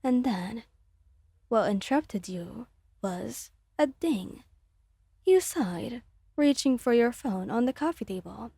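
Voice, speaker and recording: A woman narrating a romantic fan story in a soft, slow, gentle ASMR reading. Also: a little high, expressive, vocal fry, slightly rough, no echo, studio quality.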